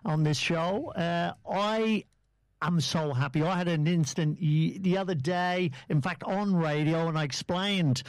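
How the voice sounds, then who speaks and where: A man's voice: on the high side, unhurried, no room sound. A man hosting a casual talk show, chatty and rambling as he steers to new topics. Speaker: host.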